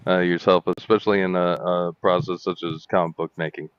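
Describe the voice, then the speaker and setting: A man's voice: low voice, fairly even intonation, brisk, clean tone, no room sound, dull audio. A man hosting a casual podcast, stammering and repeating words as he works toward his point.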